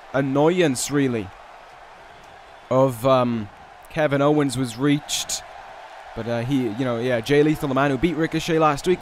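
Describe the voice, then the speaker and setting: A man giving play-by-play commentary over a wrestling video game, with casual, rambling asides and restarts, and excited calls on big moves. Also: mid-range voice, a little hiss or hum. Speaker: gaming video host.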